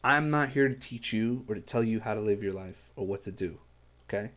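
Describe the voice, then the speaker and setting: A man's voice: on the low side, fairly quick, noisy background. Earnest rambling man reacting to music. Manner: earnest, rambling, many fillers and restarts. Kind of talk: casual reaction commentary.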